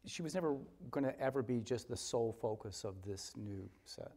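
A man hosting an author interview on a theater stage, asking measured questions and giving brief friendly replies. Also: medium pitch, warm tone. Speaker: interview host. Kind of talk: onstage interview. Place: theater stage before a live audience.

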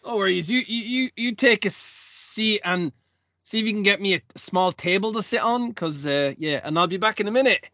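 A man's voice: high voice, moderate pace, bright, forceful tone, no room sound. A man voicing a sociable, secretive male dwarf traveller who talks hesitantly and stumbles over his words. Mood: friendly.

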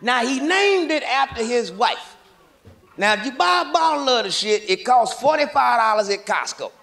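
A middle-aged man doing a brash, profane stand-up comedy set on a live stage, speaking into a handheld mic with loud punchlines. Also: very high-pitched, expressive, moderate pace, creaky. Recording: live show with crowd and noise.

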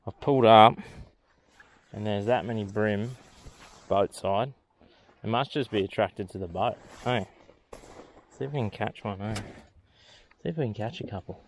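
A man's voice: on the low side, a little hiss or hum. An Australian man on a boat outdoors, giving casual, chatty commentary as he fishes and talks to the fish he catches. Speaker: fishing vlogger.

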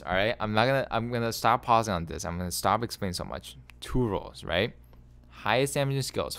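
A man casually coaching a player through a gameplay review, animated and exasperated, repeating himself and laughing in disbelief. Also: fairly low pitch.

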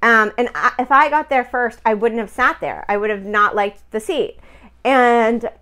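A middle-aged woman talking casually about something personal, her voice smooth and clear. She rambles a little, with fillers and acted-out bits of dialogue, and sounds close to tears at times. Recorded at home. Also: a little high, normal speed, a bit bright. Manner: emotional, chatty, many fillers and quoted dialogue. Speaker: spiritual healer telling a personal story.

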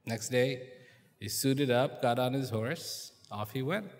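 A man telling a story to a live audience in a large hall and questioning them directly, in a slow, deliberate manner. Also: mid-range voice. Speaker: speaker addressing an audience. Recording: long hall reverb.

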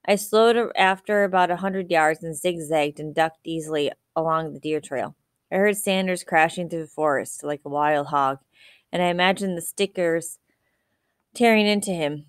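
A woman reading a novel aloud in a steady, even storytelling manner. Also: low voice, moderate pace, smooth, no room sound, clean studio sound. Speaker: audiobook reader.

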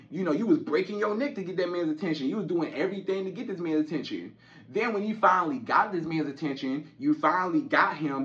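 A man's voice: on the high side, a bit bright, muffled recording. A man giving relationship advice straight to women in an informal, repetitive way, often saying "you know". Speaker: relationship coach. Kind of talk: direct-to-camera advice talk.

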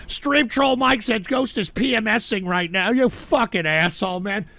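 A man hosting a live call-in stream, ranting and shouting with profanity, choked up and tearful. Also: sits high, normal speed, vocal fry, hardly any pauses, dry recording. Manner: shouting, profane, whiny and fed up.

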